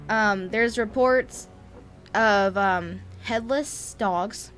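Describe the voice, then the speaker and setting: A young woman with a Southern US accent rambles through a ghost story in a chatty, easygoing way. Her voice sits at a middle pitch, and faint music plays behind her. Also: drawn-out words, a bit bright. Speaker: podcast co-host. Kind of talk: casual storytelling chat.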